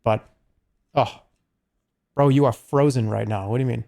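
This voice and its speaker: A man's voice: mid-range voice, steady tone, moderate pace, vocal fry, mellow. A man chatting casually on a live stream, rambling along with lots of asides and restarts.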